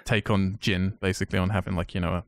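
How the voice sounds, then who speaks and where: A man's voice: deep voice, little pitch movement, fast talker, no room sound, clean studio sound. A man co-hosting a podcast, chatting about films with enthusiasm and a rambling, restarting way of talking. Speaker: podcast co-host. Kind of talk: casual film chat.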